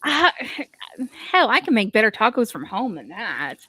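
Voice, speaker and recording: Woman from texas, sassy and teasing, bouncy pitch, dry sound. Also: wildly swooping pitch, moderate pace, bright, forceful tone, slightly rough, no room sound. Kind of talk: casual chat.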